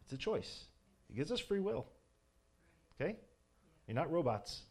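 A man's voice: a little high, sing-song, measured pace. Man preaching an informal sermon. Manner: conversational, asks the listeners questions; builds to loud fervent exhortation.

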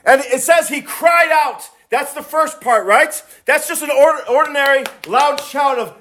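A man preaching a sermon, reading scripture and building from quiet, low passages to high, shouted cries. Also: measured pace, hardly any pauses.

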